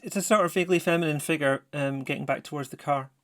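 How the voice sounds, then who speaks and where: A man narrates a tabletop horror game on stream, describing scenes in a chatty, rambling way with frequent self-corrections. His voice sits a little high for a man. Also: fast talker, a bit bright. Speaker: game master.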